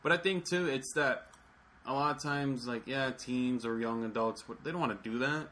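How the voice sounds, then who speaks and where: A man chatting on a podcast with a bright, clear tone and a faint hiss behind him. He talks fast and halting, tripping over repeated words. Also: mid-range voice. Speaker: podcast co-host. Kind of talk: casual chat.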